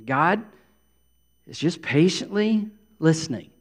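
A man with a notably high voice delivers a sermon, earnest and building in intensity as he voices pleading prayers. His words carry a long reverb, as if spoken in a large hall. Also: lively intonation, slow. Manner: earnest preaching, voicing prayers with rising intensity. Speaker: pastor.

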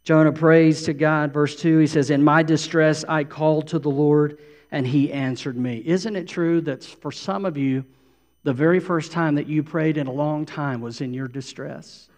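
Man, middle-aged, pastor preaching, slightly high voice, emphatic and repetitive, long church reverb. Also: steady tone, normal speed, a little mellow. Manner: emphatic, repeats phrases for effect. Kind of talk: sermon.

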